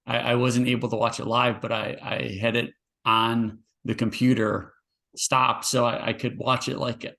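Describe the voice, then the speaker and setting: Casual podcast co-host, man, gravelly voice, mid pitch, relaxed banter. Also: normal speed. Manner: easygoing, stammers and laughs often. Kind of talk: casual chat.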